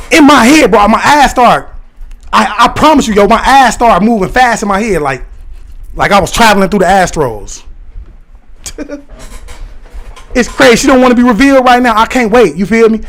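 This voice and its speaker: A man chatting casually on a livestream, rambling excitedly and talking directly to his viewers and their comments. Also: high-pitched, normal speed. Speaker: live streamer talking to chat.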